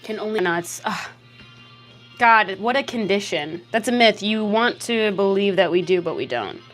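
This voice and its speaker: A woman's voice: medium pitch, lively intonation, moderate pace, a bit bright, soft background music. A young Canadian woman with a Canadian accent, chatting casually on a livestream, reading out chat and answering with teasing sarcasm. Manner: sarcastic, teasing, swears freely.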